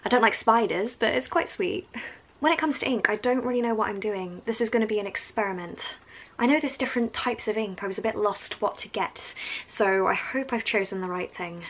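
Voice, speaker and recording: A young woman with an Essex accent, chatting excitedly as she shows off art supplies in a casual home vlog. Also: medium pitch, fairly quick, low-quality recording. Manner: chatty and enthusiastic, going on tangents. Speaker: art vlogger.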